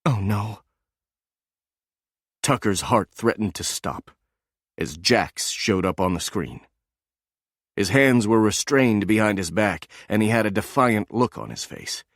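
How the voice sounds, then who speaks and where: Low-voiced guy reading an audiobook, steady and even, dry close mic. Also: unhurried, no room sound. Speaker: audiobook narrator. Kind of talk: scripted audiobook narration.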